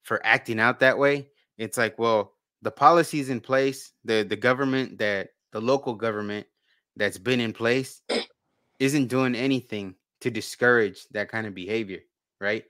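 Bright, smooth-voiced man chatting. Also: mid-range voice, moderate pace, no room sound. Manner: rambling, repeats and restarts words. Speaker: podcast co-host. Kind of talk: casual conversation.

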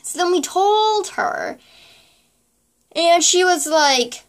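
A woman's voice: extremely high pitch, lively intonation, slow pace. A young woman vlogging to camera, telling a personal story in casual chat, full of "like" and quoted dialogue. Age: young adult. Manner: chatty, many likes and quoted dialogue.

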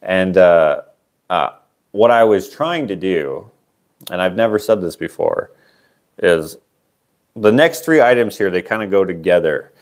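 A man with a somewhat low voice sells his handmade sculptures in a relaxed livestream auction. He rambles, trails off into fillers and makes fun of himself. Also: a little slow, long pauses. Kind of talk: casual livestream auction chat.

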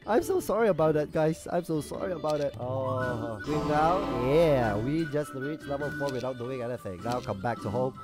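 A young man with a high-pitched voice that sounds stuffy from a cold, grumbling and swearing his way through a sarcastic gameplay commentary. Loud game music plays clearly underneath his voice throughout. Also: moderate pace, few pauses. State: has a cold. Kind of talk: casual let's-play commentary.

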